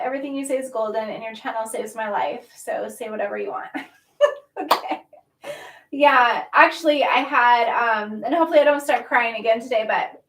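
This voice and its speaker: A woman hosting a casual livestream, chatting warmly with viewers and reading their comments, often laughing and sometimes emotional. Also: fairly high pitch. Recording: roomy echo, mic at a distance.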